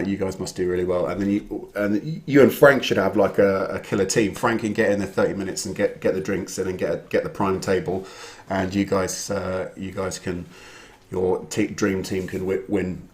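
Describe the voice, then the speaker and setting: A man's voice: sits low, darkish tone. A man hosting an online quiz, chatting casually and greeting viewers by name. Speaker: quiz host. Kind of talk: casual live-stream chat.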